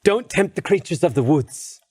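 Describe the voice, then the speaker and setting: Man playing a firm eldest boar, put-on accent, very lively pitch, dry sound. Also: moderate pace, dry recording. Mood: commanding. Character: stern eldest male boar, wise and firm. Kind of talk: comedic improvised storytelling.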